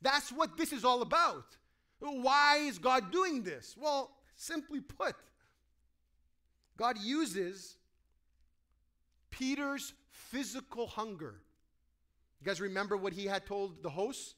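Bright, high-voiced man preaching. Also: takes it slowly, pauses often. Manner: animated, acts out quoted voices, asks the congregation questions. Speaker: pastor. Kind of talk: sermon.

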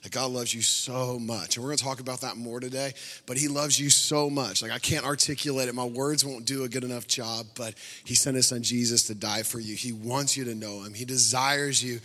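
A man preaching a sermon as a pastor, telling stories with animated energy and frequent laughs. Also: mid-range voice, brisk, in a large hall. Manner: animated storytelling, laughs often.

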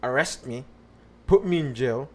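A man's voice: mid-range voice, lively intonation, a little slow, a bit bright. A man on a podcast casually telling a personal story, rambling with lots of fillers and restarts.

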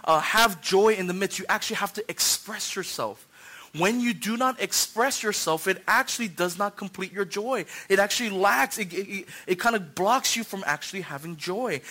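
Young male pastor, high voice, bright tone, animated sermon. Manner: animated, acts out voices, swings from hushed to shouting.

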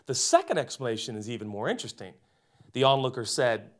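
A man in his forties preaching a sermon, swinging between loud emphasis and hushed, quiet delivery. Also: medium pitch, very animated, fast. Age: 40s. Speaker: pastor.

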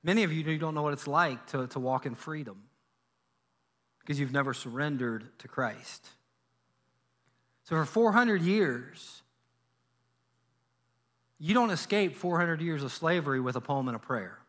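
A male pastor preaching a sermon in a church, telling a Bible story in a lively way and acting out the characters' lines. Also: on the high side, a little slow, pauses often. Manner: animated storytelling, acts out biblical dialogue. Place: church sanctuary.

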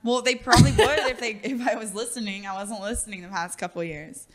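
A woman's voice: medium pitch, fairly even intonation, quick pace, crowd noise. A young woman co-hosting a podcast in casual chat, talkative and giggly, with lots of fillers. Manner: chatty, giggly, filler-heavy. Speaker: podcast co-host.

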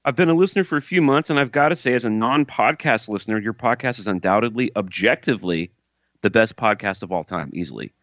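A man's voice: on the low side, quick pace, a bit bright, no room sound, highs cut off. A man co-hosting a podcast, reading listener emails aloud with jokey asides in casual chat.

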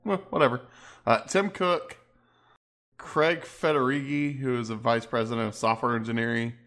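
Gravelly blunt man hosting a podcast. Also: medium pitch, fairly even intonation, moderate pace, fairly bright tone. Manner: blunt, swears, reads notes aloud. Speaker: podcast host. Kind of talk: casual chat.

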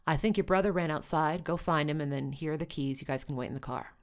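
A practical, matter-of-fact mother, voiced by a woman storyteller. She hands out instructions in a low, even voice. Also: fast.

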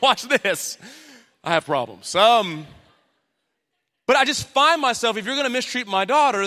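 A man in his thirties preaching a sermon as pastor, animated, acting out the voices he quotes. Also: sits high. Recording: long hall reverb.

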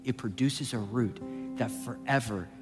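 A male pastor preaching a sermon, swinging from impassioned shouting down to a hushed, intimate delivery. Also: medium pitch, measured pace. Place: church sanctuary. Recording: long hall reverb with soft music behind.

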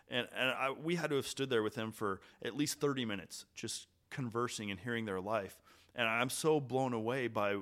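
A man hosting a podcast, telling a hiking story in a relaxed, chatty way with pauses and restarts. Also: mid-range voice. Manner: animated, trailing pauses and restarts. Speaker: podcast host. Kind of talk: casual storytelling chat.

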